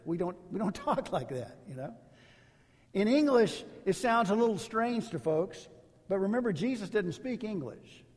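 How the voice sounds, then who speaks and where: A man's voice: sits high, lively intonation, normal speed, a little mellow, husky, in a large hall. A man preaching a sermon as a pastor, in a casual, storytelling way with rhetorical asides.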